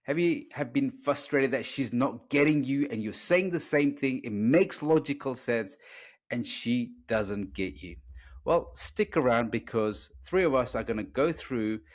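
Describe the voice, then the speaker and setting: Male host, relationship coach, mid-range voice, animated storyteller. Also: mid-range voice, unhurried. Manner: animated, acts out arguments with raised voice. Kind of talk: casual podcast chat.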